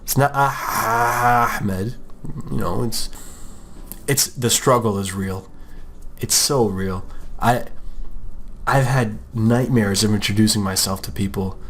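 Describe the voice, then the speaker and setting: A man's voice: lowish voice, unhurried, long pauses, a little hiss or hum. A young American man talks casually about art and his name as an art podcast host, rambling and joking, often acting out other people's voices. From United States. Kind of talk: casual talk while drawing.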